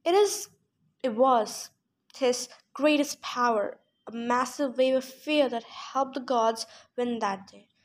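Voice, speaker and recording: A woman's voice: a little high, takes it slowly. A woman reading as a patient old centaur teacher. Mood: explaining. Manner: calm, explanatory. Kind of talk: audiobook reading.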